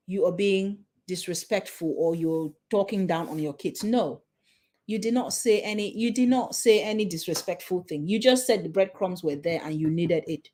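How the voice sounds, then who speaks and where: With a medium-pitched, dark voice, a woman in her forties coaches parents in a motivational talk. She is emphatic, repeats her points, poses questions to the listener, and checks in with "okay?".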